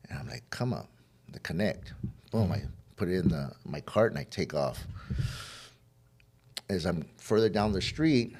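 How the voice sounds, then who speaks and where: A man's voice: low voice, animated, moderate pace, pauses often, darkish tone. A middle-aged man, a podcast guest, telling a personal story of addiction and recovery, rambling and repeating words as he acts out old conversations.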